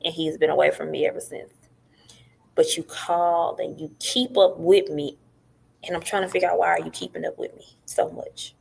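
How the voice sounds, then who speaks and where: A woman's voice: on the low side, moderate pace, vocal fry, breathy edge. A middle-aged woman, a podcast guest telling her story in casual talk and acting out what others said. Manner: animated, acts out what others said.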